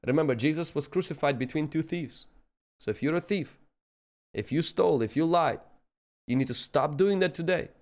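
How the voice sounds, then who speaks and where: A man's voice: a little high, moderate pace, a little mellow. A man preaching a sermon, telling personal stories and acting out the people he quotes in an earnest way. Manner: earnest, acts out quoted voices.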